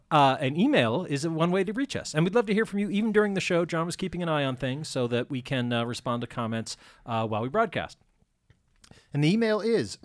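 Brief: male talk-radio host, lively up-and-down pitch, dry studio sound, loose and jokey. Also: no room sound. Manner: chatty, laughing, self-deprecating asides. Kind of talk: casual panel talk radio.

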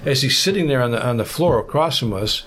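A man, a podcast guest, telling a travel story in a vivid, animated way. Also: medium pitch, fast, slight background noise. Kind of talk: storytelling anecdote.

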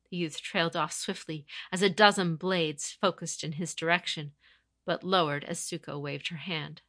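A woman narrating a story in a calm, steady way. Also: sits low, moderate pace, dry recording, clean studio sound.

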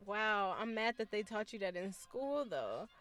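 A young American woman chatting casually in a slangy, teasing way. Her voice swings through a wide, lively range of pitch, and she often breaks into laughter. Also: unhurried. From United States. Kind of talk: casual chat.

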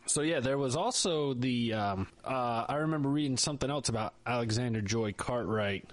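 A man's voice: medium pitch, moderate pace. A man co-hosting a podcast, chatting casually with jokes and self-mocking asides. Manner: joking, rambling, self-mocking. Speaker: podcast co-host.

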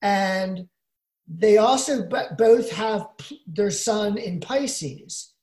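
A woman's voice: mid-range voice, drawn-out words, darkish tone, roomy sound. A woman co-hosting a casual podcast chat, explaining things at length in a rambling way. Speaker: podcast co-host.

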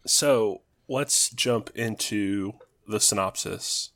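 A man's voice: sits low, normal speed, a bit bright, no room sound, clean studio sound. A man hosting a podcast, chatting casually, laughing often and reading out an episode synopsis. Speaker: podcast host. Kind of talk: casual chat with read synopsis.

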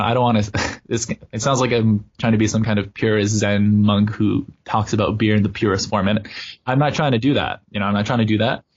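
A man's voice: lowish voice, darkish tone. A man hosting a podcast, chatting casually and rambling with lots of fillers. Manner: rambling, many "you know" fillers. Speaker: podcast host. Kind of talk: casual chat. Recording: dull lo-fi sound.

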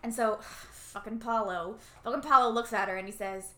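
A woman casually recapping a movie plot as a podcast co-host, animated and acting out the characters' lines. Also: on the high side, moderate pace, hardly any pauses, a little hiss or hum. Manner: animated, acts out characters' lines, laughs often.

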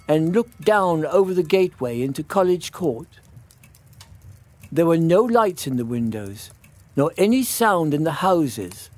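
A man reads a classic children's tale aloud in a gentle, expressive storytelling voice. His voice sits a little high for a man and moves lively up and down through each sentence. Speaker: storybook reader. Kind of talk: scripted storybook narration. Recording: studio audio theatre production.

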